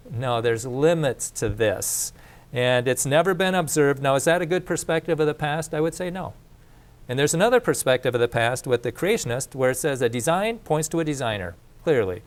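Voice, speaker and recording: A man teaching a faith course in a casual lecture, speaking conversationally with restarts and asides. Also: medium pitch. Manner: conversational, repeats and restarts, plain speech.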